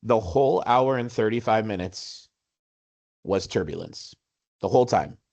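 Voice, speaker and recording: A man in his forties, a podcast co-host, telling a story in casual chat with animated, self-mocking humor. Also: on the low side, measured pace, dull audio. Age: 40s.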